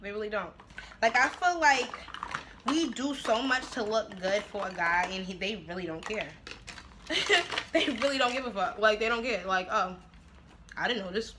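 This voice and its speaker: Against a noisy background, a woman speaks at a moderate pace in a medium-pitched voice. She's doing her makeup and making dinner at home for a casual get-ready-with-me vlog, brash, swearing, and frequently breaking into laughter.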